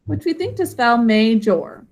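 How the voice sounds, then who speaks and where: A woman's voice: on the high side, expressive, unhurried, a little mellow. A woman teacher giving a spelling lesson, explaining patiently step by step and encouraging her students. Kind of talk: classroom instruction.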